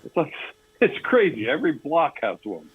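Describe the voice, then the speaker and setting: A man's voice: fairly high pitch, very animated, normal speed, slightly rough. An older man from Oregon calling in, blunt and folksy, swearing casually. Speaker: caller. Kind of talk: casual chat. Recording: phone line.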